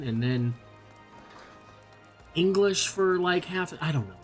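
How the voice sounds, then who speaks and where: A man casually commenting over his own gameplay, rambling and self-deprecating as he thinks out loud. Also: a little high, expressive, moderate pace, long pauses, soft background music. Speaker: gaming channel host.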